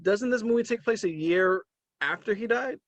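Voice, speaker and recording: A man's voice: sits high, normal speed, no echo. Chatty man reviewing a movie, dry sound. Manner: animated, laughs often, trails off with "um". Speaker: podcast co-host. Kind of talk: casual movie review chat.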